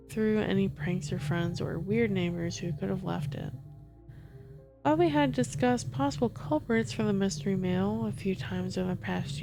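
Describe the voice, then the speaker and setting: A woman reads a first-person horror story in a soft ASMR delivery. Her voice sits in a plain middle range and stays steady. Faint music plays quietly behind her. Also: mid-range voice, gravelly. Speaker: story narrator.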